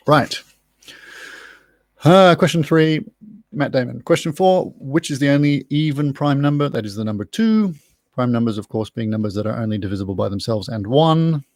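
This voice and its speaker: A man's voice: medium pitch, expressive, brisk, a little mellow, dry recording. A man hosting a live online pub quiz from home, chatty and rambling with self-mocking asides. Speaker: quiz host. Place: room at home.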